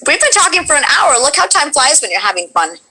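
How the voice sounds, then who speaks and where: Woman from Colombia, streamer host, casual chat, bright voice, slightly high. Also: sing-song, poor audio. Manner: chatty, giggly, quick asides to chat.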